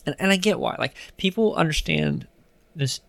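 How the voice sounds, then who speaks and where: A man co-hosting a casual theology podcast, talking earnestly and reading passages aloud slowly, over a phone line. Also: on the high side, animated, creaky, a bit bright, dry recording. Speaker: podcast co-host. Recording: dry phone-line recording.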